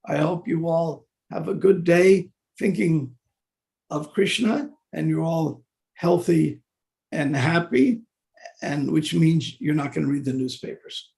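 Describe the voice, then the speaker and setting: An older man with a gravelly, fairly high voice gives a devotional scripture class. He talks genially and haltingly, with fillers and restarts. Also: a little mellow. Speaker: class speaker.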